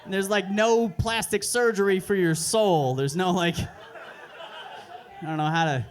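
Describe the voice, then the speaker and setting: High-voiced young man doing crude deadpan stand-up. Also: slow pace, a faint crowd, slight background noise. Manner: deadpan, crude, self-mocking delivery. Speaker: stand-up comedian. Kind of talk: stand-up set at an open mic. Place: comedy club stage.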